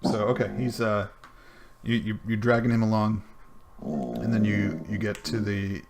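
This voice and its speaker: A man's voice: on the low side, a little slow, background noise. A man running a tabletop game as dungeon master over online voice chat, hesitant and full of fillers.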